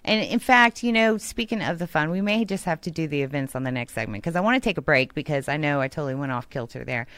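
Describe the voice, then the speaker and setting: A woman radio co-host, chatting casually and telling an animated story, acting out other people's lines. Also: sits low, fast talker, few pauses, no echo. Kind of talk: casual on-air banter and storytelling.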